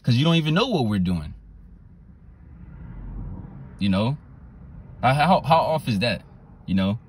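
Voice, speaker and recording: A man preaching a sermon, repeating his phrases and reading scripture verses slowly and deliberately. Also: medium pitch, big pitch swings, a little hiss or hum. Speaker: street preacher.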